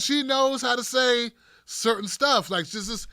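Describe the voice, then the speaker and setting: High bright-voiced man riffing on clips. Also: animated, slow pace, pauses often, clean tone, dry recording. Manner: sarcastic, jokey, acts out voices. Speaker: political commentator. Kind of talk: casual commentary on clips.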